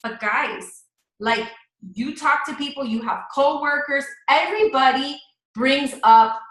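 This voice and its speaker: A woman's voice: high-pitched, measured pace, fairly bright tone, echoey room, poor audio. A woman coaching her team in a casual live stream, chatty and enthusiastic, speaking straight to her viewers.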